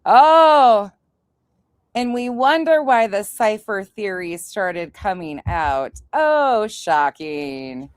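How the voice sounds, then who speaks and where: Brash, animated woman swearing on stream. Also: medium pitch, takes it slowly, few pauses, smooth, no room sound. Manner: brash, sarcastic, swears a lot, laughs often. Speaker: streamer host. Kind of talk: casual profane livestream chat.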